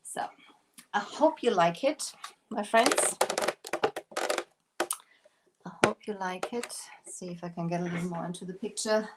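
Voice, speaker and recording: A woman's voice: lowish voice, normal speed, heavy background noise. A woman who owns a craft shop, hosting a casual live stream. She talks while she works and thanks her viewers by name. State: out of breath.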